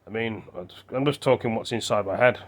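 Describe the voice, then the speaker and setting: A man's voice: lowish voice, fast talker. A British man vlogging into his phone, rambling and thinking aloud with many fillers and restarts. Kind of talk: rambling casual monologue to camera.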